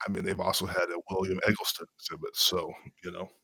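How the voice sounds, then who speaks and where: Wry man with a low voice. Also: fast talker, husky, no room sound, studio quality. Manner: wry, knowledgeable, deadpan jokes. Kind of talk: casual chat.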